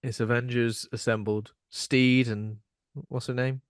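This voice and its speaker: A man's voice: mid-range voice, flat delivery, unhurried, clean tone, no echo. Man, podcast co-host, casual rambling chat, self-deprecating, dry close recording. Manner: rambling, self-mocking, laughs often.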